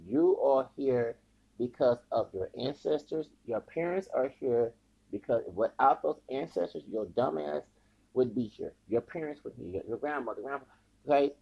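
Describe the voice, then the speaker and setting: A man's voice: mid-range voice, lively intonation, normal speed, vocal fry, breathy edge, highs cut off. A man hosting a podcast, giving heated, rambling commentary with frequent stumbles and repeated words. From United States. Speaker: podcast host. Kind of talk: ranting commentary.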